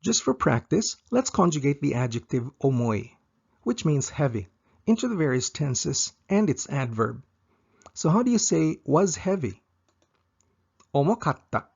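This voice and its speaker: A man teaching a language lesson, saying each example slowly and repeating it twice. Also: fairly high pitch, big pitch swings, vocal fry, a little mellow, slightly rough, lo-fi sound.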